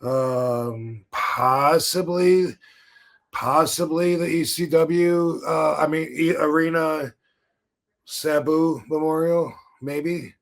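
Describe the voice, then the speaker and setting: A man's voice: fairly high pitch, fairly even intonation, slow, gravelly. A man hosting a podcast, telling a story in a laid-back, casual way, swearing freely and laughing now and then. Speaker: podcast host.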